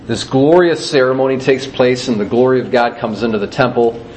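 A man teaching a Bible passage in a loose, conversational way, at a medium pitch. He retells the story with animated asides and reads verses aloud. A faint hum of noise sits behind him. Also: fairly quick, low-quality recording.

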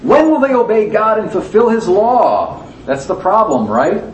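A man's voice: sits high, big pitch swings, measured pace, highs cut off. Man teaching a Bible class in an echoey room. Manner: conversational, asks the audience questions, acts out quotes. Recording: echoey room, distant mic, faint background noise.

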